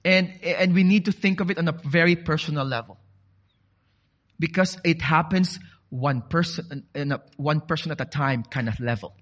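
A man preaching a sermon, from the Philippines, lively and animated as he quizzes the congregation. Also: on the high side, moderate pace, highs cut off.

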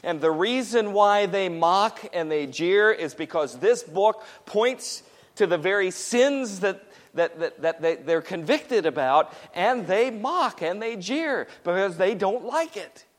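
Man, high voice, emphatic repetitive sermon, church sanctuary, long hall reverb. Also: expressive, slow pace. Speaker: pastor.

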